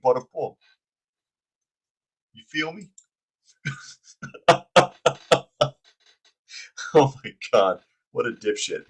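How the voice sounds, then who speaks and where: A man hosting a news opinion show, blunt and sarcastic in his commentary. His voice sits at a mid pitch, and he talks in an easy conversational way while reading out comments from viewers. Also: low-quality recording.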